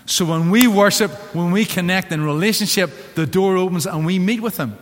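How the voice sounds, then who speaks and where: A man with a Northern Irish accent preaching a sermon as pastor, in an animated, theatrical way. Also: high-pitched, normal speed, hardly any pauses. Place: church sanctuary. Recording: long church hall reverb.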